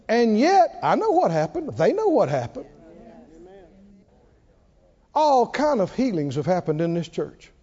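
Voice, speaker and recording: Lively high-voiced preacher man in a hall. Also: measured pace, pauses often, a faint crowd. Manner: animated preaching, rising to exclaimed hallelujahs. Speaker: pastor. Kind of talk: sermon. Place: church sanctuary. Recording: dull sound, long hall reverb.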